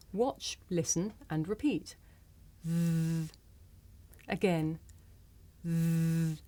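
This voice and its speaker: A woman with a British accent teaching English pronunciation, speaking clearly and deliberately, carefully over-articulating each sound. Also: fairly low pitch, darkish tone. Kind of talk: slow scripted pronunciation lesson.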